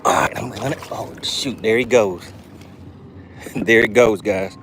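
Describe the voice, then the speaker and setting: A man hosting a live fishing stream from a boat, excitedly talking to his viewers and reading their chat aloud. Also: fairly low pitch, measured pace, a little hiss or hum. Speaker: fishing channel host. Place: on a boat on open water. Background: jet skis and outdoor ambience.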